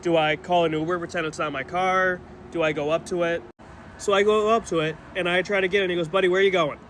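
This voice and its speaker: A man with a rather high voice recounts his own experience as casual first-person storytelling. He sounds earnest and still shaken, and he speaks in a quick retelling manner. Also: fairly even intonation, fairly bright tone, a little hiss or hum. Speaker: storyteller in a social media clip.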